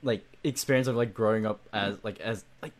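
A man's voice: on the low side, brisk. A man chatting casually as a guest, rambling with many fillers. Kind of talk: casual group chat.

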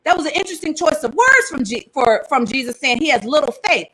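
A woman teaching the Bible to an online audience in a chatty, animated way, thinking aloud and tossing in slang asides. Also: sits high, fast, low-quality recording.

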